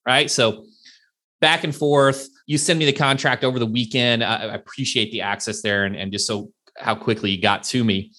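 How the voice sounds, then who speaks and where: A man hosting a podcast, chatting and telling stories in an animated way. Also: medium pitch, moderate pace. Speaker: podcast host; CEO, business owner. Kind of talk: conversational podcast interview.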